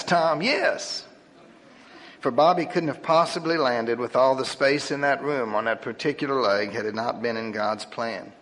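A man's voice: mid-range voice, fairly bright tone. Wry male storyteller in echoing hall. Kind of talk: humorous story reading. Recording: long hall reverb.

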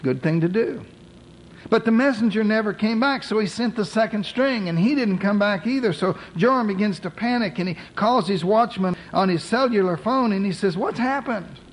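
A man's voice: high voice, normal speed, rough recording. A man preaching a sermon, retelling a scripture story with humorous modern asides.

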